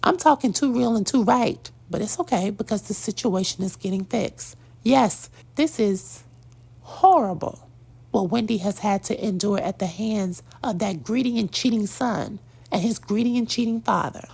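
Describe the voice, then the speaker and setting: A woman's voice: medium pitch, normal speed, creaky, a little mellow, husky. A woman giving blunt, sassy celebrity gossip commentary, preaching and calling out to "girl" and "y'all".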